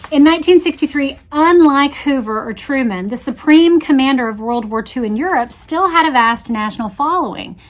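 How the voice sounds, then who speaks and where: A woman hosting a book-based history discussion, reading passages aloud and adding musing asides. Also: fairly high pitch. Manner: reads quotes aloud with shifting voices, adds musing asides.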